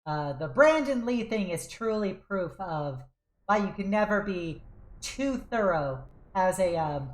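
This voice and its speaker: A young woman streamer rambles cheerfully between games, laughing often. Her pitch leaps up and down as she talks, and the sound carries a roomy echo. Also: animated, measured pace. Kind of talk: casual chat while gaming.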